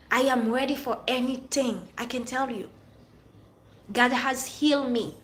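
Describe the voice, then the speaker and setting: A higher-voiced woman with as her talks straight at the camera, addressing someone who wronged her. Her voice rings around a bare, echoey room. Faint hiss sits under the recording. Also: fairly bright tone. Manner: direct, addresses an absent friend. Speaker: vlogger. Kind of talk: emotional personal vlog rant.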